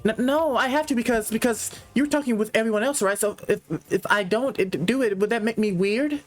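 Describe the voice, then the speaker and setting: A man's voice: high-pitched, brisk, soft background music, voice pushed up, close to an everyday voice. A man reading a visual novel aloud, voicing a painfully shy young man who stutters and restarts his words. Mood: anxious. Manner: stuttering, hesitant, repeats words.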